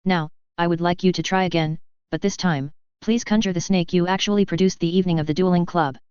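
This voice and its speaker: Woman doing a super old wise wizard headmaster, measured and polite, clear lowish voice. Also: fairly even intonation, a little mellow, no room sound, highs cut off, close to an everyday voice.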